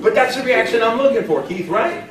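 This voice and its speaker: Folksy male trainer, high-pitched, heard from far back in a very echoey room. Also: animated, brisk, a loud crowd. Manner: folksy, emphatic, quizzes the audience. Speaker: sales trainer. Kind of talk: live training seminar. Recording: echoey room, distant mic.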